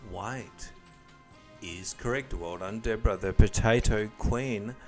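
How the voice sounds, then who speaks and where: A man's voice: on the low side, slow, faint music behind. A man hosting a casual podcast quiz game, reading clues aloud and joking with the players between them. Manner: joking, reads clues then banters. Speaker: quiz host.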